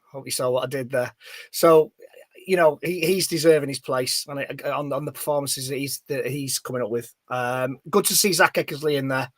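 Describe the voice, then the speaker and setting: Hesitant male pundit, fairly high voice, dry close sound, casual chat. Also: dry recording. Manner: hesitant, many restarts and fillers.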